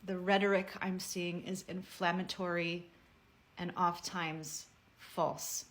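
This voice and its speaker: Earnest woman with a lowish voice. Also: level tone, a bit bright. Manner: earnest, measured storytelling. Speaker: personal video speaker. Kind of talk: heartfelt personal message to camera.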